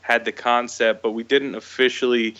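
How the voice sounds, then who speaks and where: A man from Florida, a guest speaking in an easygoing, relaxed way in a casual interview. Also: medium pitch, moderate pace, highs cut off. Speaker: guest, business co-owner.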